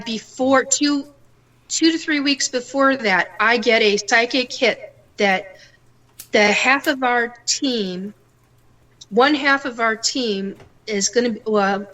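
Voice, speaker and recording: A middle-aged woman, a psychic guest, telling her stories in a casual and animated way and acting out the voices in them. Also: fairly high pitch, rough recording. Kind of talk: casual storytelling interview.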